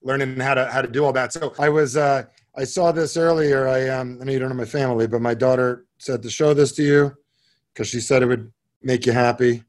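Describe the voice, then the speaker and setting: Fast-talking, enthusiastic male podcast host. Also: medium pitch, fairly even intonation. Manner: enthusiastic, quick reactions and restarts. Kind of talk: casual conversational interview.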